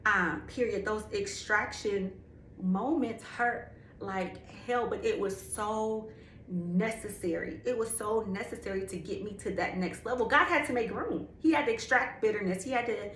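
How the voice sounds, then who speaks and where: A woman's voice: medium pitch, moderate pace, a bit bright. Emphatic woman sharing a slangy testimony. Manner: candid, emphatic, slangy, draws out key words. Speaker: faith speaker. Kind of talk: personal testimony. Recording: echoey room with faint ambient noise.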